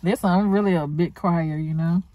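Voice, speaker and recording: A woman speaks straight to her viewers in a heartfelt, faith-filled casual chat, calling them honey and y'all. Her voice is mellow and warm. It sits close to a dry mic with no room sound. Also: fairly low pitch, steady tone, moderate pace, dry recording. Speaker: vlogger.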